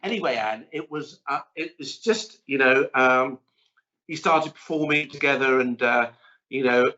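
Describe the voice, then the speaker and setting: A middle-aged man chatting as a chef guest in an interview, an animated, rambling storyteller. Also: medium pitch, unhurried. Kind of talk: casual interview chat. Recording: dull lo-fi audio.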